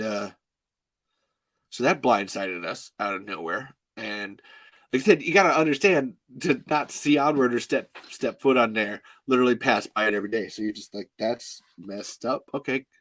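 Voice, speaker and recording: A man retelling a personal story in a casual, halting way, sighing often and close to tears. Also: medium pitch, lively intonation, a bit bright. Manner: many restarts and fillers, rambling.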